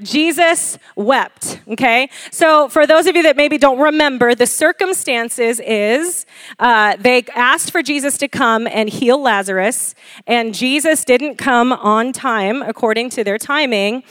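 A woman with a fairly high voice preaches a sermon at an unhurried pace, recorded dry and close with no echo. She's lively, laughs between points, and keeps checking in with the congregation with "okay?" and "amen?", often having them repeat phrases after her.

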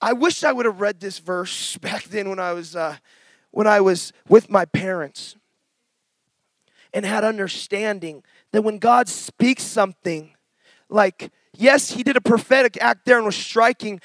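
A middle-aged man preaches a testimony sermon, and his voice sits unusually high for a man. He moves from passionate, shouted storytelling to slow, quiet scripture reading. The sound is dry and close, with no room echo. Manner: impassioned storytelling with bursts of shouting; reads scripture slowly and softly.

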